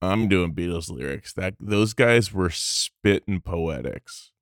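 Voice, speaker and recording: Casting: a man as a laid-back wisecracking devil, lowish voice, dry close sound. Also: dry recording. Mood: deadpan. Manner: slow, deadpan wisecracking. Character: Satan, a laid-back, joking male devil. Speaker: podcast co-host. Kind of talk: comedic improv podcast.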